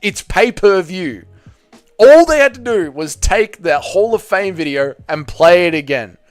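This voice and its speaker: A man hosting a live fight watch party, giving blunt, excitable casual commentary, swearing freely and reading chat. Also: high-pitched, unhurried, no echo, faint music behind.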